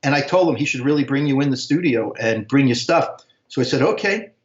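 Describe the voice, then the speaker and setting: A man's voice: mid-range voice, animated, brisk. Rambling older man, echoey lo-fi audio. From United States. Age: 60s. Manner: rambling, slangy, keeps saying "man". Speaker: interview guest. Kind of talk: casual storytelling.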